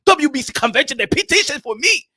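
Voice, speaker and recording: A man doing a comedic impression of a boastful, indignant African male boxer, with a put-on African accent, shouting and sing-song in his complaints. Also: very high-pitched, animated, fast talker, no echo, studio quality, pitched above the performer's own voice, full character voice. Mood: ranting.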